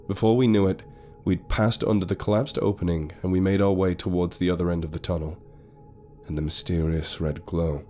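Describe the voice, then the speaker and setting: A man giving a steady, grave, scripted first-person horror narration over faint music. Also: sits low.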